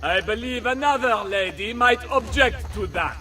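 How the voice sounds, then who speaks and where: An actor with a French accent playing a haughty, condescending aristocratic baron villain in a game. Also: male voice, extremely high pitch, animated, moderate pace, pushed and bright, recorded from a distance, faint music behind, full character voice. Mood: smug.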